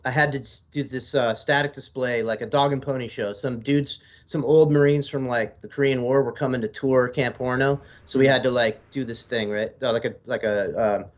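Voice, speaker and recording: A man's voice: mid-range voice, fairly even intonation, normal speed, few pauses. Laid-back swearing man, dull audio. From United States. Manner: profane, rambling, laid-back storyteller. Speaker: podcast guest, military veteran. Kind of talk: casual storytelling in an interview.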